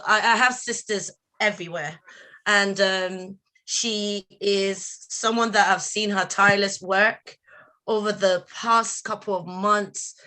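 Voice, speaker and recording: A woman's voice: mid-range voice, pushed and bright. A woman with a Nigerian accent hosting a live online radio show, introducing guests with effusive praise. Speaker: host.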